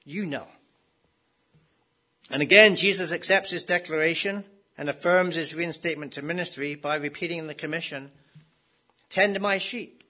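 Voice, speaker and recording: A man's voice: fairly high pitch, normal speed, bright, forceful tone. A man preaching a sermon in a conversational way, often asking his listeners rhetorical questions.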